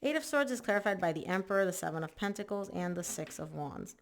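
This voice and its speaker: Gravelly-voiced chatty woman reading tarot. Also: lowish voice, lively intonation, fast, slight background noise. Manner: chatty and emphatic, lots of "like" and "oh my gosh". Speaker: tarot reader. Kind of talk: casual spoken tarot reading.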